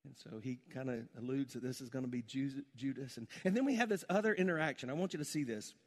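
A male pastor preaching a sermon with rhetorical questions and touches of humor, dropping to a soft, low voice in prayer. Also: fast, long reverb tail.

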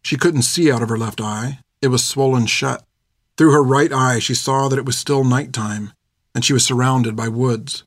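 A male audiobook narrator with a medium-pitched voice reads a novel chapter aloud in steady, measured scripted narration. The sound is clean studio quality with no echo.

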